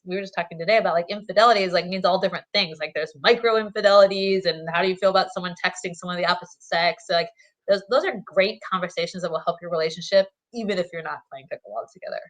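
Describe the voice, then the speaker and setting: A woman's voice: fairly low pitch, fairly bright tone. A woman guest on a podcast, talking casually and laughing often, with plenty of fillers. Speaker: guest, therapist and co-author.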